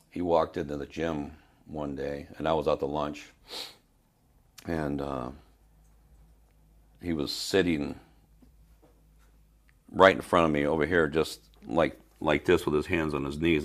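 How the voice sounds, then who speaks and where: A man's voice: a bass voice, fairly even intonation, measured pace, long pauses. An older man from Spain, a fitness trainer telling a story in an interview, rambling with fillers and restarts. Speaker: fitness trainer, podcast guest.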